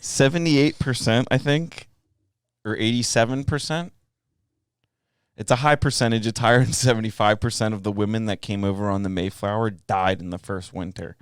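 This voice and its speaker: A man co-hosts a podcast, chatting casually in a joking, rambling way. His lowish voice is smooth and steady at a normal speed, captured in a dry, studio-quality recording.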